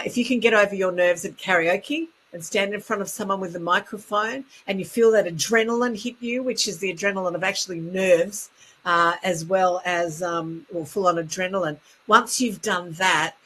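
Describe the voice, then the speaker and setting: A woman with an Australian accent, a speaking coach talking quickly and chattily as a guest in an interview. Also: mid-range voice, a bit bright, slight background noise, poor audio. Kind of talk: casual interview chat.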